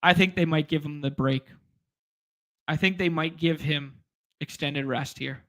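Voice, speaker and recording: A man hosting a fantasy sports live stream in a loose, rambling way, tossing in jokes and shout-outs to chat. His voice sits a bit high and sounds bright and forceful. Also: a little slow. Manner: rambling, jokey, reads chat aloud. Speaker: fantasy sports podcast host.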